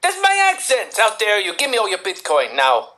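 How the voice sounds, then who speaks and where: A man's voice: fairly high pitch, lively intonation, normal speed, a bit bright, a little hiss or hum. A man playing a boastful, money-mad mustached character in a put-on Salvadoran accent, blustering and indignant in live improv.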